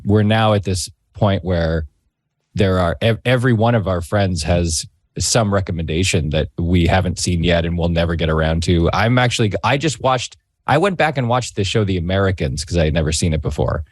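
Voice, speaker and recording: Man, middle-aged, talk show guest, rambling storyteller, lowish voice, dry sound. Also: brisk, dry recording. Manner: rambling, self-interrupting storyteller. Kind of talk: casual chat, storytelling.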